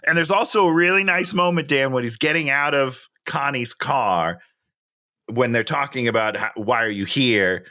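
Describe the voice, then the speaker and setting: A man co-hosting a podcast, chatting casually about a film, laughing often and acting out scenes. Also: medium pitch. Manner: animated, laughs often, acts out scenes in quick quoted voices. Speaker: podcast co-host. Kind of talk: casual movie review chat.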